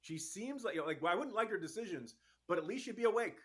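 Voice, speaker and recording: Exasperated, fast-arguing man, fairly high voice. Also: animated. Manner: fast, exasperated, emphatic argument. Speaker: political commentator guest. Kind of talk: talk radio interview.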